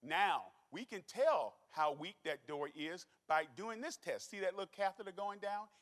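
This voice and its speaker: Doctor guy, folksy and animated onstage, highish voice, big echoey hall. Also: moderate pace. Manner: folksy, animated, joking with the crowd. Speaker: doctor giving a health talk. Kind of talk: lively onstage health talk to an audience. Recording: long hall reverb.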